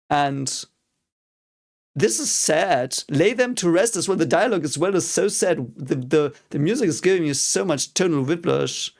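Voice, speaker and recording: A young man with a German accent gives a loose, unscripted reaction, his voice slightly high and full of gravelly fry. He sounds exasperated and swears freely as he talks things through. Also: a little mellow. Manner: frustrated, swears a lot, mock-cheering outbursts. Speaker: reaction video host. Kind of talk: casual reaction commentary.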